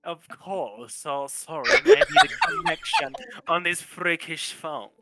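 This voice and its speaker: A man's voice: on the high side, lively intonation, slow, very noisy. A man voicing a polite, formal male butler who serves a young master. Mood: apologetic. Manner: formal, deferential.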